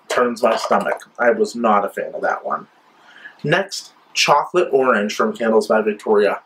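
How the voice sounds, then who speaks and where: A man's voice: fairly high pitch, a bit bright, poor audio. A man chatting enthusiastically as he reviews scented wax melts in a casual vlog, gushing over each scent. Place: his new apartment.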